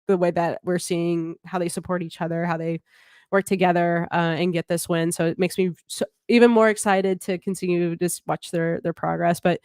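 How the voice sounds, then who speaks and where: A woman's voice: fairly low pitch, level tone, brisk, a little mellow, smooth, dry recording, studio quality. Gushing young woman sports co-host. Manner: enthusiastic, gushing, full of fillers like "like" and "y'all". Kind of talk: casual sports recap chat.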